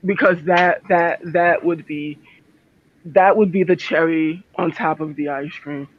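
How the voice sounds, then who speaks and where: A man's voice: a little high, fairly even intonation, unhurried, a little hiss or hum, close to an everyday voice. Man playing an angry, stammering werewolf medic. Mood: bitter. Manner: profane, stammering, swings between loud and muttered. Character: distraught, furious young werewolf medic. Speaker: tabletop game player. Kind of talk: in-character role-play. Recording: dull dry lo-fi recording.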